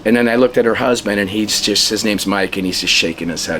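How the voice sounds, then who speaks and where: A man who is a local musician, telling a casual anecdote in an animated way and acting out the dialogue. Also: fairly low pitch, quick pace, hardly any pauses, slight background noise. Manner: animated storyteller, acts out dialogue, chuckles while telling. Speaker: local musician being interviewed.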